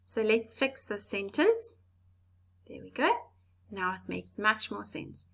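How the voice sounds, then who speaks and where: A woman teaching an English lesson to young children, slow, clear and patient with playful asides. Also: medium pitch, big pitch swings, fairly bright tone. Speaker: primary school teacher.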